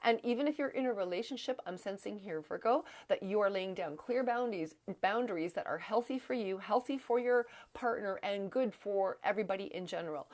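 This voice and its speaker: A tarot reader with a medium-pitched voice gives a live tarot and astrology reading. She is halting and rambling with many fillers, her throat strained, and she coughs now and then.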